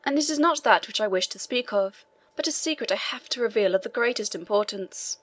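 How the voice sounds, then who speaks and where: A woman reads an elderly priest locked in a dungeon, earnest and persistent as he presses a visiting official. His voice sits at an ordinary middle pitch, plainly told in an audiobook style. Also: lively intonation, fairly quick, fairly bright tone. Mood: pleading. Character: elderly imprisoned male Italian priest, eager, learned.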